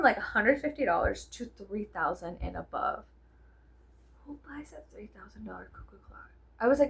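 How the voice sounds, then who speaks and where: A woman's voice: fairly high pitch, gravelly, fairly bright tone, breathy edge. A young woman with a Southern US accent, chatting casually to camera at home, rambling, swearing, and slipping into whispers. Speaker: vlogger.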